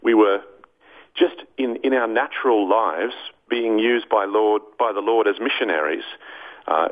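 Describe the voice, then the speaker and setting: A man's voice: fairly low pitch, unhurried. A man telling his story in a hesitant, restarting way as a radio interview guest. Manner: hesitant, many restarts, then playful impressions. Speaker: guest voice actor and evangelist. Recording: phone-like narrow line.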